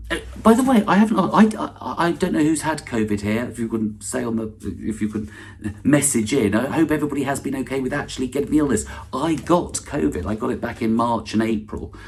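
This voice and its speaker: A middle-aged man hosting an online awards ceremony with a dry, self-deprecating stand-up monologue, full of false starts and asides. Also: mid-range voice. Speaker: awards host and comedian.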